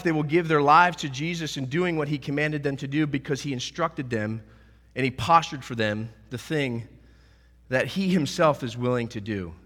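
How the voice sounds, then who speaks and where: A man preaches with a bright, forceful voice set slightly high for a man. He talks with earnest energy and acts out quoted lines. His voice rings out with a long reverb tail, as in a large church. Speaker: pastor. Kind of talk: sermon.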